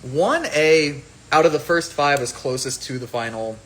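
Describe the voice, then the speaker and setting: A man's voice: a little high, a little slow, fairly bright tone, rough recording. A man chatting casually on a phone livestream about his own fragrance, rambling and playful as he jumps between topics.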